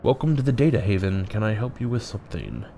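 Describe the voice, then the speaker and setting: A brisk, businesslike female dwarf vendor from a video game, read out plainly by a man. The voice is lowish, with faint music behind it. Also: big pitch swings, creaky, dark tone. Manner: plain read-aloud dialogue, no accent attempted.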